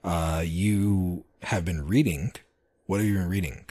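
A man's voice: sits low, measured pace, dark tone, breathy edge. A man hosting a podcast, chatting casually and telling rambling stories with many fillers and restarts. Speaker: podcast host. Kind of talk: casual chat.

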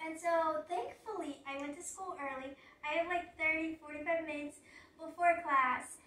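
A woman's voice: sits high, moderate pace, pushed and bright, far from the mic. A young woman telling a rambling storytime in a casual, chatty way. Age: young adult. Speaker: vlogger. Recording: roomy sound from away from mic.

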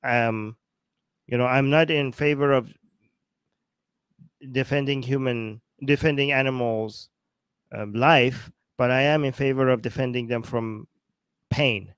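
A man's voice: medium pitch, fairly even intonation, measured pace, pauses often, fairly bright tone, clean tone, no echo. A man hosting a casual talk show, rambling and searching for words as he gives his opinions. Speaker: show host.

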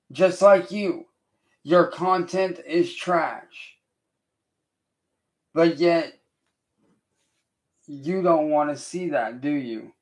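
Slow, deliberate man lecturing a critic. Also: a little high. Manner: confrontational, defiant. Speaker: livestreamer. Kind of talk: livestream rant addressed to a critic.

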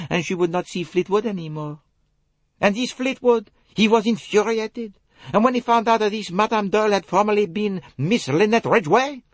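A man voicing an excitable, emphatic young female lady's maid in an audiobook. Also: sits high, no room sound, voice pushed up. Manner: emphatic, insistent. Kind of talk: audiobook character voice.

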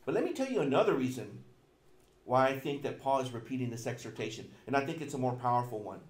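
A middle-aged man preaching a sermon as pastor, emphatic and repetitive, swinging between loud and soft. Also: medium pitch, animated, quick pace, echoey room.

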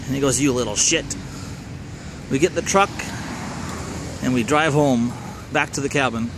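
A man's voice: mid-range voice, normal speed, background noise. A middle-aged man from Minnesota with a Minnesotan accent, telling a casual personal story in a wry, rambling way that doubles back to correct himself.

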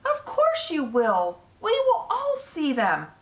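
A woman's voice: sing-song, measured pace, fairly bright tone, heavily acted. A woman voicing a young, eager, innocent male pig in a storybook reading. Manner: eager, questioning, raises pitch. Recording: echoey room.

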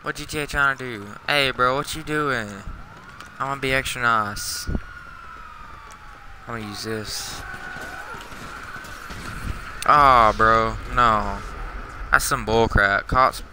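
Young man, gamer, slangy trash talk, half asleep, very sharp bright voice, faint background noise. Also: medium pitch, slow, pauses often, low-quality recording. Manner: slangy trash talk aimed at other players. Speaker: livestreaming gamer. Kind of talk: casual game commentary.

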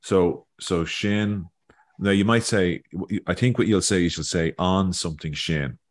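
A man's voice: sits low, unhurried. A man hosting a casual language lesson over a video call, thinking aloud and repeating words as he goes. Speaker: Irish learning video host.

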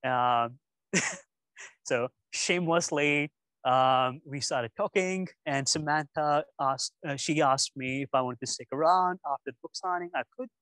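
A man's voice: fairly high pitch, measured pace, dry recording, poor audio. Young man telling stories animatedly. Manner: animated storytelling. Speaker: speaker at a youth session. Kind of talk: casual talk to young students. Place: room with an audience.

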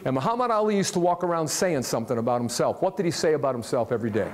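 A man from Ohio giving a live motivational talk to an audience, animated and jokey, often putting questions to the crowd. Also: a little high, very fast. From Ohio, USA. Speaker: motivational speaker. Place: large hall with a live audience.

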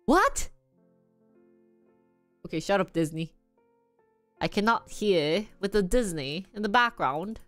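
A woman's voice: mid-range voice, animated, slow, long pauses, a bit bright, no room sound, soft background music. A woman streamer in casual live-stream chat, laughing often as she reads lists aloud and tries out pronunciations. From Korea. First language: Korean.

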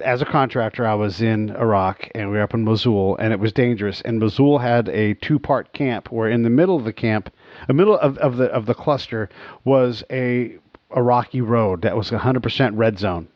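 Lively male podcast host, dry dull sound. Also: medium pitch, dry recording. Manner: animated, laughing, breaks into quoted voices. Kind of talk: casual storytelling.

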